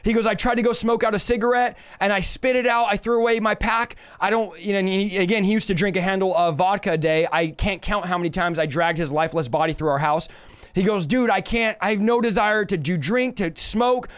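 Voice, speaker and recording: High, smooth-voiced man telling his testimony. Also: brisk. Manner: animated storytelling, acting out quoted dialogue; emotional, earnest. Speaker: preacher sharing his testimony. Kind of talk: live-stream testimony.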